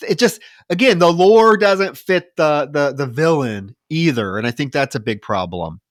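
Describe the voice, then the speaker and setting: A man's voice: fairly high pitch, lively intonation, normal speed, no echo, studio quality. A man co-hosting a podcast, griping about a film in casual, profane chat and mocking its scenes. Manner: exasperated, profane, mocking retellings. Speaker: podcast co-host. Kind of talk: casual movie-review chat.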